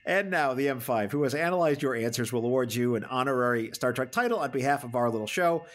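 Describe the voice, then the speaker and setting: A man's voice: medium pitch, expressive, quick pace. A man hosting a podcast interview, playfully announcing a mock game-show quiz in a theatrical way. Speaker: podcast host.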